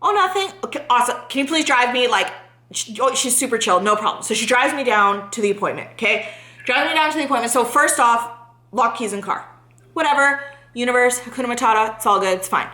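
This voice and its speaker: A high, bright young woman tells her friends a story in a lively, rambling way, swearing freely and rushing her words when nerves kick in. Her voice rings around a roomy, echoey space. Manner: animated, swears freely, talks fast when anxious. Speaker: vlogger.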